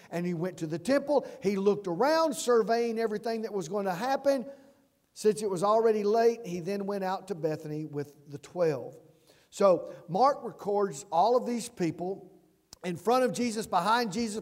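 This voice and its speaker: A man's voice: sits high, a little mellow. A man preaching a sermon, earnest and emphatic, often restarting his words. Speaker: pastor. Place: church sanctuary. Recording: long church reverb.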